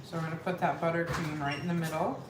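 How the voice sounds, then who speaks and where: A woman's voice: deep voice, little pitch movement, quick pace. A woman hosting a casual live cooking demo from her home kitchen, chatty and scattered, talking straight to her viewers. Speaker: weight-loss coach hosting a live cooking stream. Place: home kitchen with pets and family about. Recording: echoey room with clear background noise.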